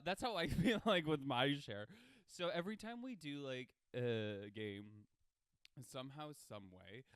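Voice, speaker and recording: A man's voice: medium pitch, lively intonation, measured pace, smooth, no echo. A young man from Canada hosting a casual solo podcast, rambling and self-deprecating. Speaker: podcast host.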